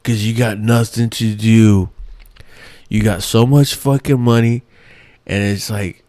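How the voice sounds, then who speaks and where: A man's voice: fairly low pitch, fairly even intonation, slow, dark tone, no room sound. A man hosting his own show, ranting in a rambling, profane, exasperated way with many restarts. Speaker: podcast host. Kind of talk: casual ranting monologue.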